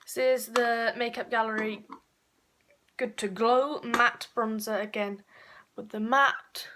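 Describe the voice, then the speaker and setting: A woman, chatting casually through a makeup tutorial with frequent fillers and quick self-corrections. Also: fairly high pitch, fairly even intonation, fairly bright tone, slight background noise. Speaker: beauty vlogger.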